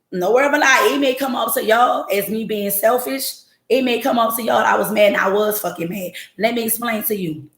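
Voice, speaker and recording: Brisk and with few pauses, her slightly high, fairly bright voice rings through an echoey room. She hosts a podcast on a home livestream, addressing her chat directly as she tells her story bluntly and profanely.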